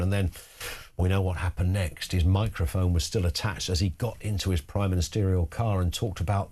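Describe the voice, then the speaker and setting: A man's voice: deep voice, darkish tone. A man hosting a talk radio phone-in, chatty and wry, full of asides to callers and listeners.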